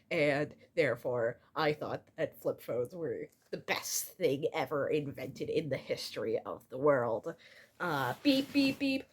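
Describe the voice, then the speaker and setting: A young adult woman reading aloud from a comic she drew as a child, giggling often and gently poking fun at herself. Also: deep voice. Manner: giggly, breaks into laughter often; playfully self-mocking. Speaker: vlogger.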